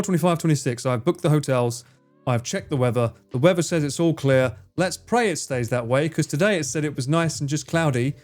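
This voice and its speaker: Casual male streamer, a touch high-pitched, loose, sweary banter with chat. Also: a little mellow. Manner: chatty, swears freely, teasing banter. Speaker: livestreamer. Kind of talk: casual livestream chat, reading chat.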